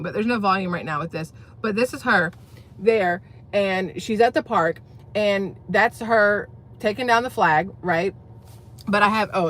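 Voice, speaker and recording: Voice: mid-range voice, a bit bright. A channel host giving blunt, opinionated political commentary in a casual vlog, talking straight to viewers and rambling through restarts.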